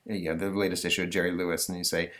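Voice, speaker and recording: A man's voice: low voice, rapid-fire. A man hosting a podcast, chatting casually and rambling with lots of fillers. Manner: rambling, filler-heavy, lively. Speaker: podcast host. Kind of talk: casual chat.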